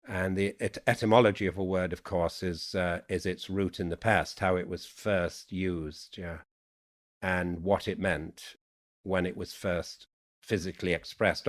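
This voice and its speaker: A middle-aged man with a mixed Yorkshire, Irish and American accent, speaking in an unhurried, thoughtful way as a guest poet in a reflective conversation. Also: low voice. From England, Yorkshire.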